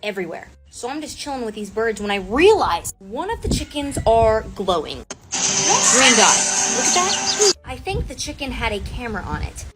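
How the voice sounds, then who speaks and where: A woman's voice: a little high, big pitch swings, moderate pace, over loud music. A woman in her twenties telling sarcastic, chatty stories to her followers. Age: 20s. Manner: chatty, sarcastic, filler-heavy. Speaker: content creator. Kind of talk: storytime monologue to camera.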